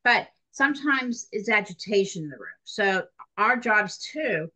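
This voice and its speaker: A woman's voice: mid-range voice, a little slow, rough recording. Chatty middle-aged woman nursing instructor. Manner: chatty and animated, addresses students directly. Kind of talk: recorded classroom lecture.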